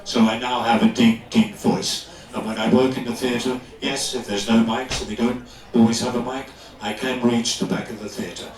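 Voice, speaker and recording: Older man telling lively stage anecdotes. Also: medium pitch, moderate pace, hardly any pauses, soft background music. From London. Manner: animated anecdotes, often laughing. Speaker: guest actor. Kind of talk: live stage storytelling. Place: stage in a club hall before an audience. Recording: echoey hall, distant mic.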